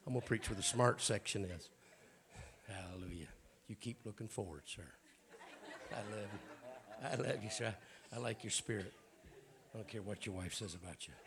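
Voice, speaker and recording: Raspy, animated Southern preacher man. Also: medium pitch. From American South. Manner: folksy, joking, animated. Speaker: guest preacher. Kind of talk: humorous sermon.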